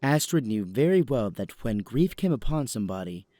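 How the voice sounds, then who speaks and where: A man narrating a story in calm, even scripted narration for an audio drama. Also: medium pitch, moderate pace, no room sound.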